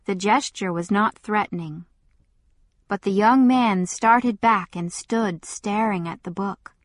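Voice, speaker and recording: A woman narrating a novel in a measured, deliberate first-person reading. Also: medium pitch, dry recording. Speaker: audiobook narrator. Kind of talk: scripted narration.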